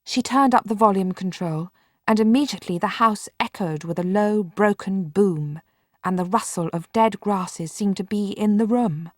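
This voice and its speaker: A woman narrating an audiobook in a measured, clear storytelling manner. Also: medium pitch, no echo, studio quality. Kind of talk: scripted narration.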